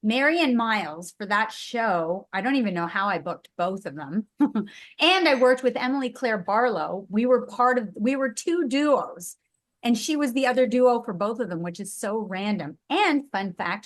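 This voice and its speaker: A woman voice actress chatting casually as an interview guest, bubbly and quick to giggle. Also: medium pitch, expressive.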